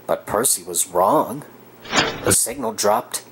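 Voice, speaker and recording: A woman narrating a children's cartoon story in a fan redub, steady storytelling. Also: a bass voice, slow pace, background noise.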